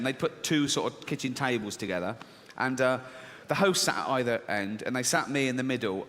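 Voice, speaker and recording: A man's voice: mid-range voice, a bit bright, in a large hall. A man from England doing stand-up on a live stage, telling stories into a stage microphone and breaking into giggles at his own punchlines. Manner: giggles through punchlines, acts out quoted voices. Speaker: stand-up comedian. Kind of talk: stand-up storytelling. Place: live comedy stage before an audience.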